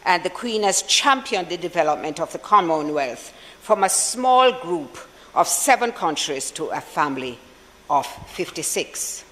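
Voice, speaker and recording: A senator with a Jamaican accent giving a formal tribute speech for the opposition in parliament, measured and solemn, with deliberate pauses. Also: mid-range voice, lively intonation, sharp tone, in a large hall, poor audio. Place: senate chamber.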